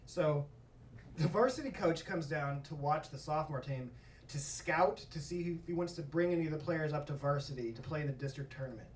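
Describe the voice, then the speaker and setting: A man telling a stand-up story on a comedy club stage, profane and animated, often breaking into laughter. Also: fairly high pitch, brisk, distant mic, slight background noise. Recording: echoey club miked from afar. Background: audience laughter.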